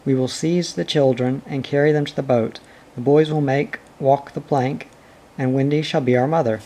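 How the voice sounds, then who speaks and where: A man's voice: mid-range voice, fairly even intonation, moderate pace, dark tone, lightly acted. Captain Hook, a man reading as a proud brooding pirate captain. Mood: commanding.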